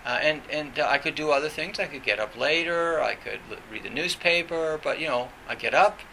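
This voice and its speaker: A man's voice: fairly high pitch, a little fast, creaky, pushed and bright, slight background noise, poor audio. A man teaching as a Zen teacher in an informal dharma talk, meandering with many restarts and "you know" fillers.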